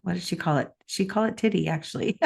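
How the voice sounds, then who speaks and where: A middle-aged podcast co-host with a slightly low, creaky voice tells a personal story quickly, earnest and reflective. She often laughs between the emotional moments of the conversational show.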